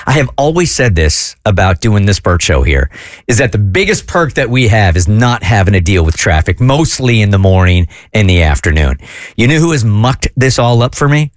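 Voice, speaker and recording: A man's voice: lowish voice, normal speed, no room sound, clean studio sound. A middle-aged man hosting a radio show, chatting casually and laughing often. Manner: lively, laughing, conversational. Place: radio studio.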